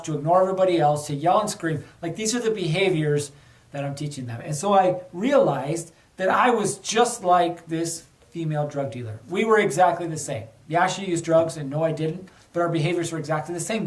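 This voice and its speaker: A middle-aged man, a podcast host, telling a candid personal story with a lesson, in a casual conversational way. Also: a little high. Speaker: podcast host, former undercover officer. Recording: echoey room, a bit far from mic.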